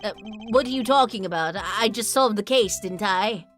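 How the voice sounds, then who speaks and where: A woman's voice: medium pitch, moderate pace, fairly bright tone, faint music behind, natural voice. A woman voicing a pompous, bumbling male prosecutor in a game, stammering with self-importance.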